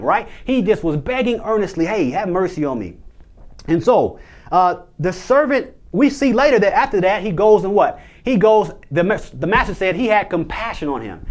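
A young man preaching a sermon as a minister, conversational, with frequent restarts and asides. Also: high voice.

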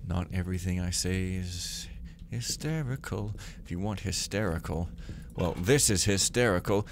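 A young man giving casual gameplay commentary, full of sarcastic, rambling, deadpan jokes. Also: low voice, slow pace, creaky, noisy background. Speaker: let's play gamer.

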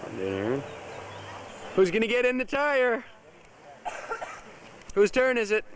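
With a very high-pitched, wildly swooping voice, a man narrates unhurriedly while filming children at a suburban backyard party. He cheers them on and directs their play. The camcorder's built-in mic records a noisy background of crowd chatter.

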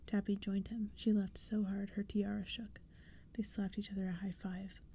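A woman reading a spooky story aloud in a soft, hushed whispered role-play. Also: mid-range voice, level tone, moderate pace, slightly rough. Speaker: ASMR storyteller.

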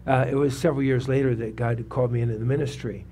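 A fast-talking pastor in his seventies uses a dark, mid-range voice with fairly even intonation, with slight background noise present. In the church sanctuary he preaches and shares his testimony in a conversational way, asking the congregation questions.

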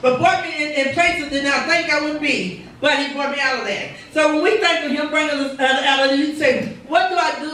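Bright-voiced woman preaching in an echoey church. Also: sits high, fairly even intonation, brisk, hardly any pauses, slight background noise. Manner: fervent, repetitive preaching with rhetorical quotes. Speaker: pastor. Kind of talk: sermon. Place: church sanctuary. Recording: echoey church recording from far off.

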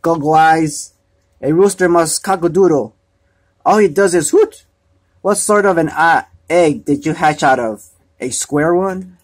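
A man's voice: a little high, measured pace. A man reading a storybook, voicing a bossy, scornful female hen with a jeering, scolding manner. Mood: mocking.

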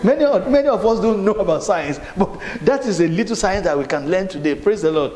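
High-voiced preacher in an echoey hall. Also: male voice, lively intonation, brisk, crowd noise. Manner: repetitive, call-and-response preaching with restarts. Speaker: pastor. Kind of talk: sermon. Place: church hall. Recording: echoey hall with faint room noise.

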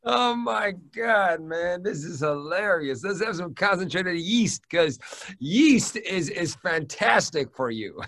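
A man's voice: high-pitched, animated, slow, fairly bright tone, a little hiss or hum. A man, a comedian guest, teasing and bantering in a casual joking chat.

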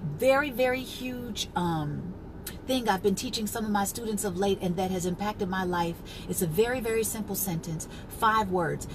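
A woman life coach hosting a casual live stream, chatting, laughing often and greeting viewers by name, then turning slow and emphatic to make a point. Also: medium pitch, noisy background. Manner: turns slow and emphatic when teaching.

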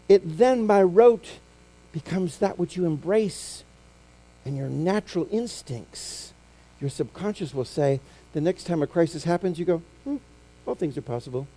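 A middle-aged man preaching a sermon, telling stories and acting out quotes, swinging from loud to hushed. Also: sits high, expressive, a little slow. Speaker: pastor.

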